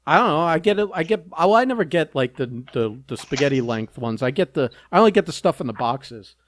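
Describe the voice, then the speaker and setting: Teasing man with a lively, swooping voice. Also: on the high side, a little fast, a little hiss or hum. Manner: teasing, profane, wry. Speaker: podcast co-host. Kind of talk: casual banter.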